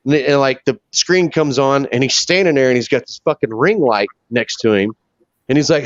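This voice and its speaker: A man's voice: medium pitch, fast talker, no room sound. Swearing guy hosting a chat from his bar, tells stories big, sound is dull and dry. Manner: profane, animated storyteller. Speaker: podcast host. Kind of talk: casual storytelling chat.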